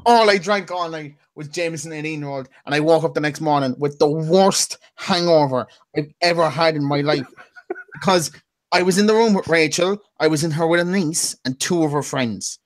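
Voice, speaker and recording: A man's voice: a little high, moderate pace. A young man chatting casually on a podcast, rambling through a story and swearing freely. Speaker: podcast co-host. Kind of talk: casual chat.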